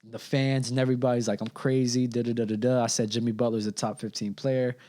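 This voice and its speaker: A man's voice: mid-range voice, little pitch movement, quick pace, warm tone. A young man, a podcast guest, talking casually in slang and swearing freely, nervous and with the hiccups. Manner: slangy, swears freely, says bro a lot. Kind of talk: casual chat.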